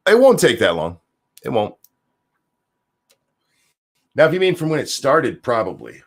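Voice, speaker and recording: A man's voice: medium pitch, huge pitch swings, normal speed, long pauses, breathy edge. A man hosting a stream, ranting sarcastically and profanely as he reacts to viewer comments. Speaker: streamer host.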